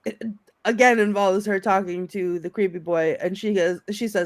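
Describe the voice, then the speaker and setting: A woman co-hosting a casual film chat over a video call, lively and laughing as she acts out favorite quotes. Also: medium pitch, normal speed, no echo. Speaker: podcast co-host.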